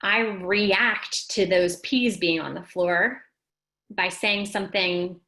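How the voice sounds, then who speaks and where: A woman hosts a live wellness talk, giving casual motivation directly to her viewers and reading out their comments. She speaks slowly but animatedly and emphatically, her voice rising high when she makes a point, and the audio is poor.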